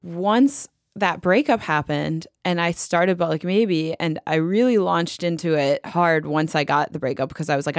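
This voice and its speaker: A woman telling a personal story as an interview guest, animated and chatty with many fillers, on a close podcast mic. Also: fairly low pitch, normal speed, hardly any pauses, no room sound. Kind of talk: casual storytelling.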